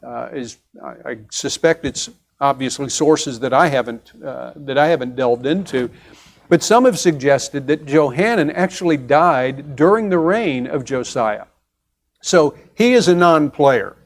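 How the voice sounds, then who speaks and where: Guy teaching sunday bible class at church, voice a bit on the high side, chatty, asks the class stuff, restarts a lot. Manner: conversational, explains step by step with pauses and restarts.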